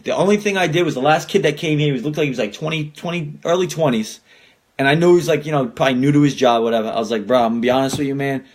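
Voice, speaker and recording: A man's voice: a little high, very fast. A young man hosting a podcast, ranting casually and swearing a lot as he gets worked up. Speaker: podcast host.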